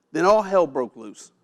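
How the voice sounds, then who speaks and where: Guy speaking onstage, tells his life story, gets emotional, goes quiet for the heavy parts, a bit high. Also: big pitch swings, gravelly. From United States. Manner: emotional, dramatic pauses, drops quiet for heavy moments. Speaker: keynote speaker. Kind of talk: personal storytelling speech. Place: event stage.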